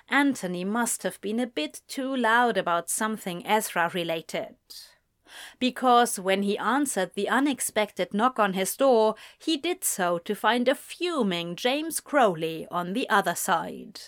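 A woman narrating a story in an unhurried audiobook reading. Her voice sits at a middle pitch and she takes her time with each line. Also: lively intonation, fairly bright tone.

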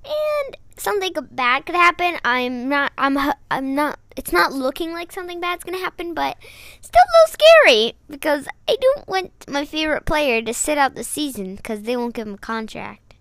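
A woman with a high, bright voice joins a casual sports podcast. She is playful and giggly and trails off now and then. The sound is dry and close. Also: sing-song, moderate pace, no echo. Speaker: podcast co-host.

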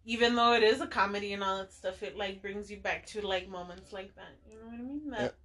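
A woman's voice: mid-range voice, brisk, a bit bright. A woman talking casually and earnestly, swearing freely and calling her friend "dude.". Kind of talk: casual chat.

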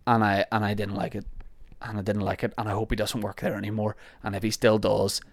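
A man's voice: lowish voice, level tone, a little fast, vocal fry, no echo. A young Northern Irish man hosting a podcast, chatting casually and sarcastically as he rambles through listener questions. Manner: chatty, sarcastic, rambling with self-mocking asides. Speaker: podcast host.

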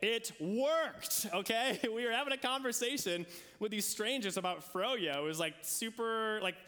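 Male pastor, high voice, chatty sermon storytelling with acted-out quotes, hall reverb. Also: normal speed, bright, forceful tone.

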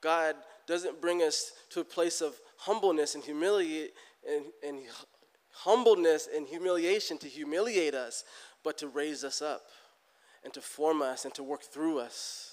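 A middle-aged man preaching a sermon in a church, animated and getting loud for emphasis, acting out people's prayers. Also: fairly high pitch, a little slow, long reverb tail. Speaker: pastor.

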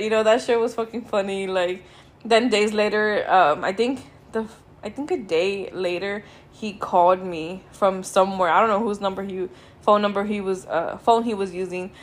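A young woman, hosting a podcast and telling a story in casual, sweary, laid-back speech that drags with tiredness. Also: mid-range voice. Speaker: podcast host.

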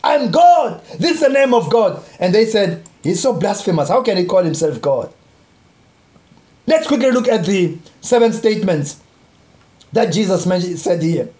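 A man preaching a sermon, impassioned and repetitive, rising to shouts on key phrases. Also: high voice, expressive, moderate pace, reverberant.

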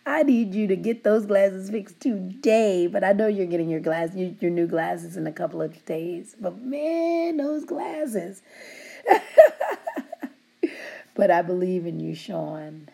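Middle-aged woman supervisor with a slow, gravelly delivery who teases her staff and laughs often. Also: on the low side, warm tone. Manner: laughs often, teasing yet heartfelt. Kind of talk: affectionate shout-outs to her team.

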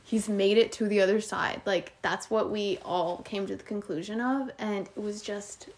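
A young woman co-hosting a podcast, telling an animated story in casual chat, filled with "like". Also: medium pitch, moderate pace. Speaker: podcast co-host.

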